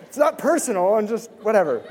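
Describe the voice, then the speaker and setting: A man pastor preaching a sermon with passion, swinging from near-yelling to quiet intensity. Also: high voice, big pitch swings, brisk, big-room sound, a faint crowd, slight background noise. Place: church sanctuary.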